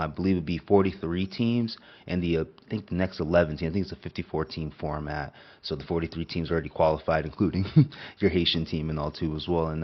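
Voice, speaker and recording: A man's voice: a bass voice, highs cut off. A man hosting a sports podcast in a casual, rambling way, a little nasal from a cold, with a habit of tacking on filler phrases. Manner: rambling, repeats "and all too as well". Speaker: podcast host.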